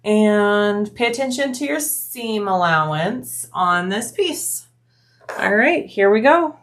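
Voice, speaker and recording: A woman's voice: mid-range voice, lively intonation, slow, a bit bright. A woman hosting a bag-making tutorial, chatting casually as she explains each step while she works.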